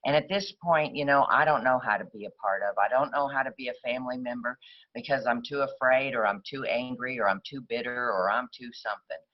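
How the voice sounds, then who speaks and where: A woman's voice: a bass voice, a little fast. Woman, personal recovery story, chatty and meandering, dull lo-fi sound. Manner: rambling conversational storytelling, frequent fillers. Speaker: speaker at a recovery meeting.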